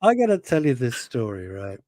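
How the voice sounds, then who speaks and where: A man's voice: mid-range voice, huge pitch swings, normal speed, darkish tone, dry recording, clean studio sound. A man hosting a radio show, chatting casually, teasing his co-host and telling stories. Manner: teasing, interrupting, anecdotal storyteller. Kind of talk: casual on-air banter.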